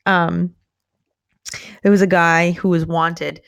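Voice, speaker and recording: Speaking slowly and flatly in a fairly low, gravelly voice, a female police officer rambles through her podcast late at night. She sounds tired, swears freely, leans on emphasis, and uses lots of filler words in this casual monologue.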